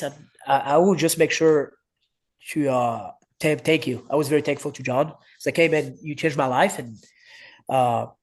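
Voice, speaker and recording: A French-accented man in his thirties tells a story in casual, slightly broken English. His voice sits a bit high. He jumps up in pitch to act out the people he quotes. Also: darkish tone. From France. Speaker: wrestling coach, guest.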